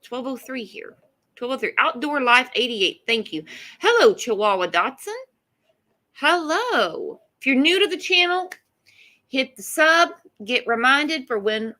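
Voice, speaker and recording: A woman's voice: high voice, sing-song, a little slow, sharp tone. A woman hosting a casual true crime livestream, blunt and profane, greeting chat viewers by name.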